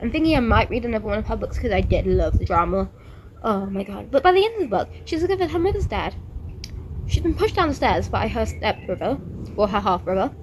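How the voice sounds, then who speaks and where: A woman book vlogger chats casually outdoors, gushing about books and peppering her talk with "like." Her mid-range voice swings widely in pitch and runs a little fast. The audio is poor, with passing traffic audible.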